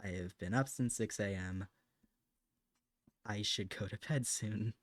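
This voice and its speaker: A man's voice: on the low side, unhurried. A tired man streaming live while drawing, talking to viewers in a blunt, slightly snippy way and then apologizing. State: tired, late at night.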